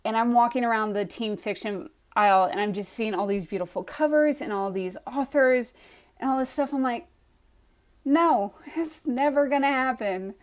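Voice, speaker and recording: A young woman with a slightly higher-than-average voice tells a personal story straight to camera. She is animated and chatty, and keeps slipping into acted-out versions of her own reactions. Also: fairly quick. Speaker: aspiring author telling her story.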